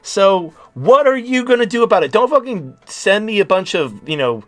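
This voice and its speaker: A man's voice: high-pitched, very animated, normal speed. Blunt, profane man in his late thirties. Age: late 30s. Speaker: podcast host. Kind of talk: casual talk-show rant.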